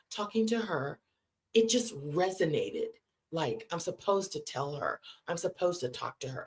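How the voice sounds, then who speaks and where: A woman hosting a live stream from California, telling a long personal story to her viewers and acting out the people in it. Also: medium pitch. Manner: animated storyteller acting out quoted voices. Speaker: host.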